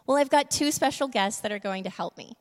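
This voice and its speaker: A woman giving a casual sermon, laughing often and moving between quick asides and slow, emphatic lines. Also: on the high side. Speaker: church speaker. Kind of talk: casual sermon with humor and props. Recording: long reverb of a large room.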